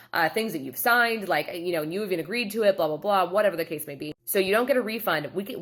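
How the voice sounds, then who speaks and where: A middle-aged woman, a photographer telling a story in a casual vlog and acting out the people in it. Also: on the low side. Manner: animated storytelling, acting out quotes. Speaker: photographer and studio owner.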